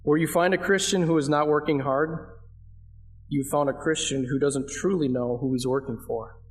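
A man's voice: on the high side, steady tone, moderate pace. A man preaching a verse-by-verse sermon, conversational, asking his listeners questions and leaning hard on key phrases. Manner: conversational, asks the congregation questions; emphatic, leans on key phrases. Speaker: pastor.

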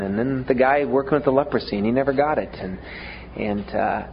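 A man's voice: medium pitch, moderate pace, muffled recording, slight background noise. A man preaching a sermon in a conversational way, often stumbling over repeated words, with self-deprecating humor.

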